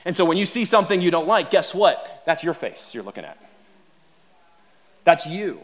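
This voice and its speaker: A man with a higher-than-usual voice, preaching to his congregation. He tells comic, self-deprecating stories with animated energy before turning to a serious point. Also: normal speed. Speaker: pastor. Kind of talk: sermon.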